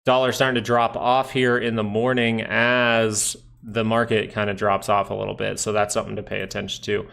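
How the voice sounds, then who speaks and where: A man's voice: fairly low pitch, little pitch movement, brisk, creaky, few pauses, fairly bright tone. A man hosting a live stream, casually talking through stock charts and trade setups as he looks at them. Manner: casual, thinking aloud over charts.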